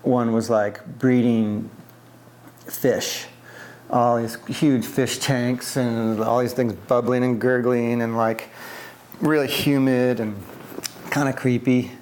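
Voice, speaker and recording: Man, mid-range pitch, conversational, rambling, filler-heavy, oral history storytelling. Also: little pitch movement, slow pace, darkish tone. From US East Coast. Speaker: interviewee.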